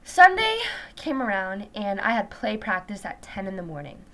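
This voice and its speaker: A teenage girl vlogs casually, rambling along and sprinkling "like" throughout. Her voice is medium-pitched and fairly bright, very animated, at a normal speed.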